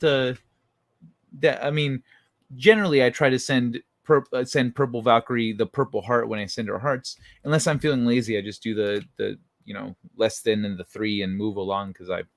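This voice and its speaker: A man hosts a relaxed late-night livestream, talking loosely with his chat. He rambles, swears freely and restarts his sentences often. His voice sits mid-range and sounds dry and close to the mic. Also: mid-range voice, dry recording. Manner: rambling and profane, with many restarts. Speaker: livestream host reading chat.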